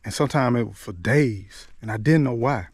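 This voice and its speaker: A man's voice: medium pitch, brisk, husky, dry recording. A middle-aged man telling a personal story to the camera, chatty and loose, often dropping in "man" and restarting his words as he remembers. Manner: conversational, drops in "man" and "you know what I'm saying" often; repeats and restarts words as he recalls. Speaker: motivational vlogger.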